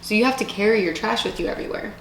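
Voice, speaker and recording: A woman's voice: mid-range voice, very fast, vocal fry, slight background noise. A young adult woman co-hosting a casual eating show, chatting between bites. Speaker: co-host. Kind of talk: casual chat. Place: indoors. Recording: echoey room.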